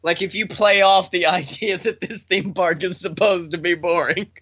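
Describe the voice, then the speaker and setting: A man co-hosting a casual comedic podcast chat, laughing often and riffing quickly on silly ideas. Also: sits high, fairly even intonation, fairly bright tone, breathy edge, highs cut off. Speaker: podcast co-host.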